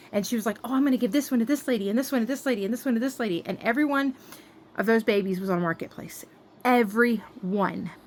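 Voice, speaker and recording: A young adult woman tells a storytime to her followers in a casual vlog, upset and venting. Her voice sits in an ordinary middle range, and she stumbles through fillers and restarts. A faint hum of noise runs under the recording. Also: mid-range voice. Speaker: doll collector vlogger.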